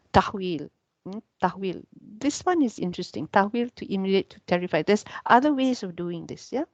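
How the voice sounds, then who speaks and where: A woman's voice: lowish voice, creaky, darkish tone, no echo. A woman teacher giving a casual lecture on Arabic grammar, chatty and full of "yeah" and "you know" fillers. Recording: dull, muffled sound.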